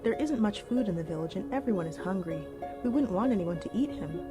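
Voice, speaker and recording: A worried village mother in an animated folk tale, voiced by the narrator. She speaks firmly and protectively, with music playing behind her. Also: mid-range voice, brisk, natural voice.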